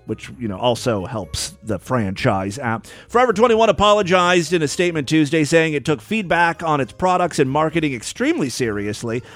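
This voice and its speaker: A man hosts a crude comedy podcast with a somewhat high voice. He rambles and mocks in an irreverent, offhand way. Faint music plays underneath. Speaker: podcast host.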